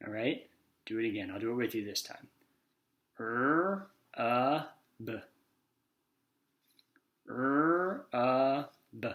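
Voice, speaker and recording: A man's voice: medium pitch, expressive, fairly bright tone. A man teaching a children's phonics lesson, sounding out letters one by one and acting out each word. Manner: slow, sounds out letters and acts out words.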